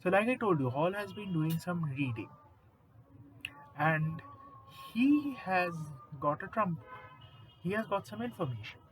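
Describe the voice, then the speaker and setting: A man casually retelling a horror story, animated and conversational, swearing now and then. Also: high-pitched, a little slow, pauses often, soft background music, poor audio.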